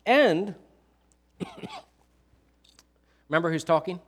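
A man preaching a sermon in a church, casual and animated, pushing up his voice for emphasis. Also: fairly high pitch, normal speed. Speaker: pastor.

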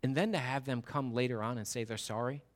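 A man's voice: mid-range voice, fast talker. A man preaching a sermon in an earnest, emphatic way, often restarting his words.

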